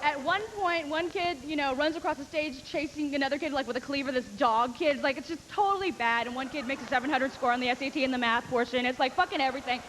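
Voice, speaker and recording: A high-voiced woman works through a stand-up comedy routine, brash and profane as she rambles through her stories. Her voice rings with a long reverb, as from a stage mic in a large hall. A faint noise sits underneath. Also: quick pace, hardly any pauses. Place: comedy stage before a live audience.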